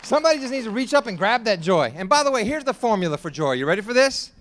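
A man preaching a sermon as pastor, joking with the congregation and building up to shouted exhortations. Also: high-pitched, sing-song, fast, a faint crowd.

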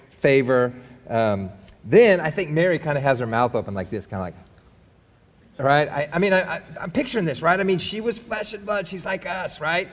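A man's voice: a little high, long reverb tail. A man preaching a sermon in a conversational, rambling way with many restarts. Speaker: pastor.

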